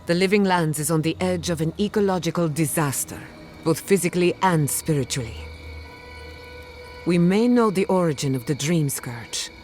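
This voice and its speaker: An actor voicing a calm, measured adviser who speaks gravely in a video game. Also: medium pitch, soft background music, natural voice.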